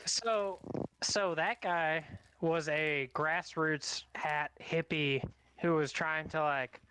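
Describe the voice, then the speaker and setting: A man's voice: a little high, slow pace, sharp tone, clear, resonant tone. A man in a casual sports podcast chat, emphatic and blunt, swearing to drive his points home. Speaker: podcast co-host.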